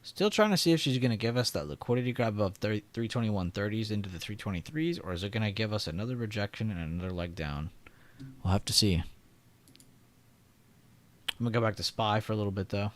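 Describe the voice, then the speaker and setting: A man's voice: fairly low pitch, lively intonation, a little fast. A young man hosting a live trading stream, chatting casually, reading comments and laughing often. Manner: chatty, reads chat aloud, laughs often. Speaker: livestream trading host.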